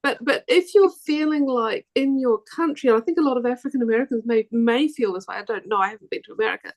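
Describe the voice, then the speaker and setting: A woman's voice: fairly high pitch, quick pace. A woman with a New Zealand accent speaking as a panelist, chatty and rambling, with many restarts and self-corrections. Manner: laughs easily, animated when indignant. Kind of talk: panel discussion.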